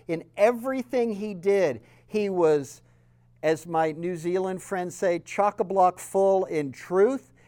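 Earnest Southern man preaching. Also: high voice. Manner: earnest, storytelling, swings from loud to soft. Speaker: speaker. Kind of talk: sermon-style teaching talk.

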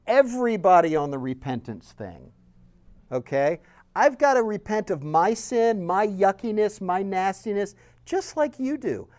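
A man with a Southern accent giving a sermon-style teaching talk, telling stories earnestly and swinging between loud emphasis and soft, quiet lines. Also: sits high, very animated, unhurried. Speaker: speaker.

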